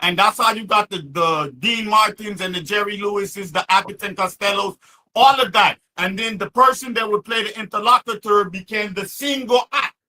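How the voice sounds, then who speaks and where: A man panelist in a heated live debate, lecturing and shouting with profanity. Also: high voice, normal speed, low-quality recording.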